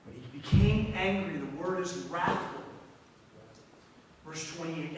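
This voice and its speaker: A guest preacher with a high, somewhat bright voice takes his sermon slowly, moving between reading verses and dramatically commenting on them. Miked from a distance in a church sanctuary, he echoes through a long hall over a faint room hum.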